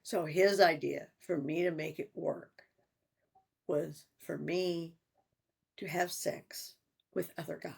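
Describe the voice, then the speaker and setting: An older woman in a personal vlog, talking in a halting, reflective way with sighs and restarts. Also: low voice, fairly even intonation, creaky, darkish tone, slightly rough. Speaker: vlogger.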